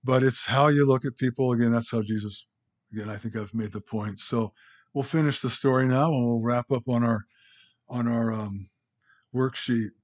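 A pastor preaching a conversational sermon, rambling with restarts and asides to the congregation. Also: male voice, mid-range voice, fairly even intonation, normal speed.

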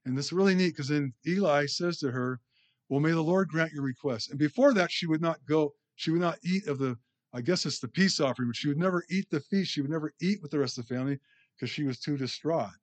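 Halting, conversational male preacher. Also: fairly high pitch. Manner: conversational, halting, restarts words, chuckles. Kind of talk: informal sermon.

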